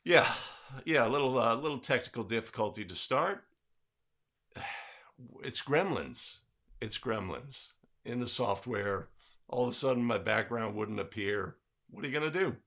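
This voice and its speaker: A man's voice: medium pitch, animated, normal speed, gravelly, sharp tone. A man hosting a livestream in casual chat, upbeat and greeting viewers by name. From California. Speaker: livestream host.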